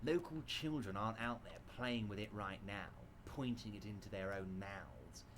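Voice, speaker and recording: An actor voicing a calm male narrator in a video game, measured and quietly assured. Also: on the low side, noisy background, lightly acted. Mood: soothing. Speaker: game character voice-over. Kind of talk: scripted game voice acting.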